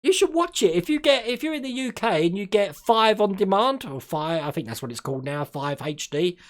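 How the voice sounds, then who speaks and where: A man's voice: high-pitched, expressive, fairly quick. A man from Australia hosting a casual live stream, chatting and laughing often and tripping over his words now and then.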